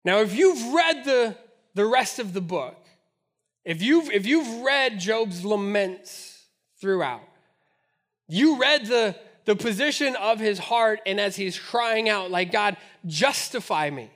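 A man preaching a sermon, lively, acting out the voices in the scripture he reads. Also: high voice, slow. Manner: animated, acts out scripture voices. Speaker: pastor.

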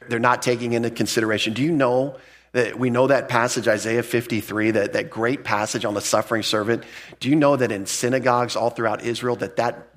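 A male pastor preaching an expository sermon at an ordinary middle pitch. He talks in a relaxed, conversational way, and his voice leaps upward whenever he hammers home a point. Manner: conversational and emphatic, with frequent restarts; jumps up in pitch to stress key points.

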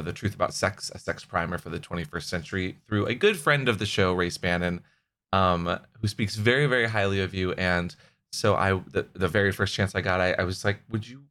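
A man's voice: lowish voice, sharp tone. A man hosting a podcast, introducing a guest in chatty, playful casual talk. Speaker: podcast host.

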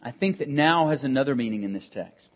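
A man preaching a sermon as pastor, earnest and emphatic, with pauses and rising emphasis. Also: medium pitch, expressive.

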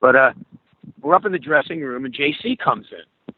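A middle-aged man spinning a story, and he jumps into the voices of the people in it. His voice sounds husky and comes over a thin, phone-like line with no room sound around it. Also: mid-range voice, moderate pace, dry recording. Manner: animated storyteller, acts out quoted dialogue. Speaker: guest musician. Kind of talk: storytelling in a podcast interview. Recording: tinny phone-like call audio.

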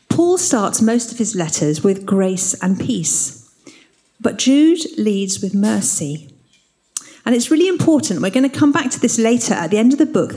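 A woman's voice: medium pitch, warm tone. A woman teaching the Bible in an earnest, explanatory way. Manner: earnest, explanatory, reads scripture aloud.

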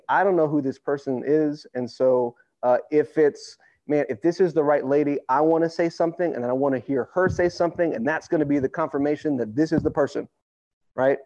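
A man preaching a casual sermon, reading scripture aloud and acting out the people in it in relaxed, everyday slang. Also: medium pitch, no room sound, muffled recording. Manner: relaxed and conversational, acts out quotes in slang.

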